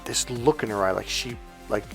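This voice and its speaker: A man's voice: on the low side, normal speed, vocal fry, soft background music. Man casually telling a rambling story. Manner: rambling, self-correcting, swears casually, acts out past dialogue. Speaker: dating and relationship coach.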